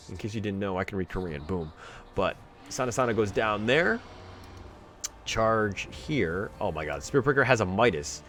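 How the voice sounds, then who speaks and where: Male game analyst, animated pitch, chatty asides, faint hiss behind. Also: a little fast. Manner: chatty, joking asides, builds excitement on fights. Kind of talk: replay commentary.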